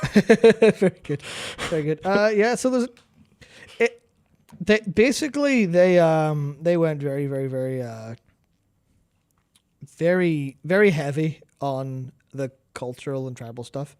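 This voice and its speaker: A man's voice: on the high side, unhurried, pauses often, darkish tone, clear, resonant tone. A man co-hosting a casual gaming chat, rambling, repeating words while he hunts for terms, and swearing casually. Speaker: podcast co-host.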